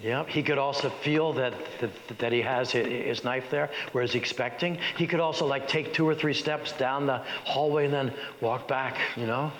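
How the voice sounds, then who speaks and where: A man's voice: mid-range voice, normal speed, few pauses. A man teaching an acting workshop, talking with energy and often stopping to restart his sentences. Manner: energetic, many restarts and stammers. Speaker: workshop leader. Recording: echoey hall with faint noise.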